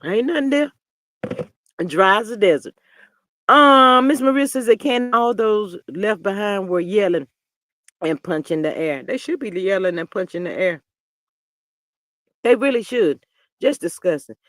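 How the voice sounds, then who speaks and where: A woman's voice: a little slow, pauses often, no echo. Sassy woman streamer, dry close mic. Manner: animated, sassy, swings between low mutters and loud outbursts. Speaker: reality TV commentary host. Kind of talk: live-stream chat reading viewer comments.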